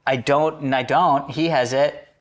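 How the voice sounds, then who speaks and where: A man's voice: medium pitch, measured pace. A man in his forties co-hosting a podcast, teasing and joking in casual banter. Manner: animated, teasing, laughs and swears a lot. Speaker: podcast co-host. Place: studio.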